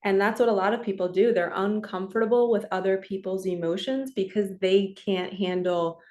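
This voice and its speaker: A woman in her forties, working as a spiritual coach and reader, talks straight to camera in a loose, chatty monologue. Her voice sits at an ordinary middle pitch, and she stays earnest while laughing often. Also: steady tone, moderate pace, a little mellow. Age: 40s.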